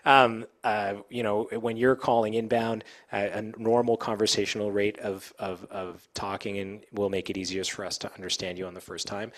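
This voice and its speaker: A fast-talking man with a somewhat low voice, speaking casually to a group of pilots. He works as an air traffic controller and leans on fillers and quick restarts as he explains radio habits. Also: flat delivery. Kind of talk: informal safety talk to pilots.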